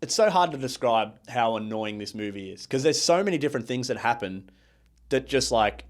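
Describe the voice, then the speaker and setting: Podcast co-host, male, casual rambling recap voice, mid-pitched. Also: animated. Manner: rambling, filler-heavy, acts out characters in quick asides. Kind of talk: casual movie review chat.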